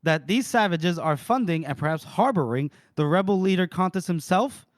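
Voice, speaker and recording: A man's voice: high voice, animated, moderate pace, dry recording, clean studio sound. A man voicing a pompous, self-important soldier of fortune, with grand, theatrical delivery, while recapping a novel on a podcast.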